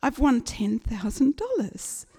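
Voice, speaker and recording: A woman's voice: high voice, slow, background noise. New woman telling a funny story. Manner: lively, animated, acts out the people in her story. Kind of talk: humorous personal storytelling. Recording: long reverberant hall.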